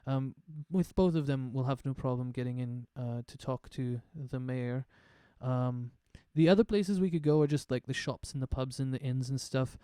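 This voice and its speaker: A man playing a tabletop game over voice chat, talking in a relaxed, rambling way with many fillers. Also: mid-range voice, moderate pace, few pauses, smooth, no room sound, clean studio sound. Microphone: online voice chat mic.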